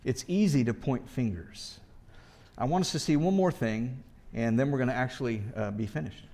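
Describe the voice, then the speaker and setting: A man's voice: mid-range voice, normal speed, darkish tone. A man preaching a sermon in a conversational way, asking rhetorical questions and often restarting as he thinks aloud. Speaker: pastor.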